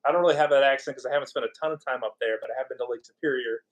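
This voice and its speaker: A man's voice: mid-range voice, very fast. A man from California hosting a live stream, chatting casually and jokingly with viewers. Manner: rambling and jokey, reacting to chat. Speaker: podcast host.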